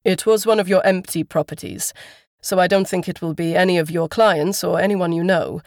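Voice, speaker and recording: A woman voicing a polite, formal male police constable who speaks in measured official phrases. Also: lowish voice, steady tone, a little mellow, no echo, studio quality, natural voice.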